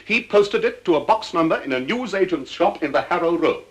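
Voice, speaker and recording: An actor with an English accent playing a cool, understated secret agent with dry wit in a 1960s TV drama. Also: male voice, high voice, expressive, a little fast.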